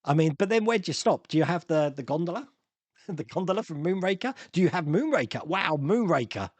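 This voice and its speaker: A man's voice: fairly high pitch, lively intonation, a little fast, dry recording. A man from Australia hosting a live stream, chatting casually and rambling through viewer comments with restarts and frequent chuckles.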